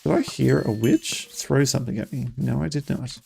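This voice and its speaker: A streamer giving excitable, chatty live gameplay commentary and talking straight to the viewers. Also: medium pitch, moderate pace, creaky, slight background noise.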